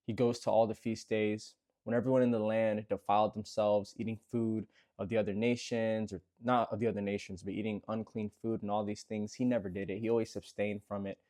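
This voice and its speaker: A man with a low, mellow voice tells a scripture story as encouragement. He talks casually and earnestly, repeats words for emphasis, and addresses the listener directly. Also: little pitch movement, brisk, hardly any pauses. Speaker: bible storyteller.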